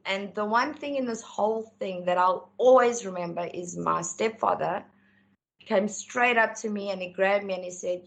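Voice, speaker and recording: A woman telling her life story as an interview guest, candid and animated when she acts out dialogue. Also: mid-range voice, gravelly. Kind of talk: personal storytelling.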